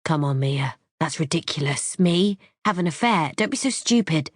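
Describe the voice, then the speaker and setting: A woman's voice: deep voice, animated, normal speed, no room sound, clean studio sound. A woman voicing a flustered man pleading earnestly with his girlfriend, in audiobook dialogue.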